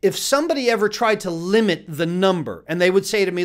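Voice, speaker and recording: A male chef giving a casual cooking lesson, chatty and lively, laughing often and restarting his sentences. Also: high-pitched, fast.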